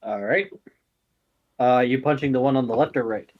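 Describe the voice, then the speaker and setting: A man's voice: mid-range voice, normal speed, highs cut off. A man narrating a tabletop game as game master, casual and full of "uh"s. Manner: casual, many fillers.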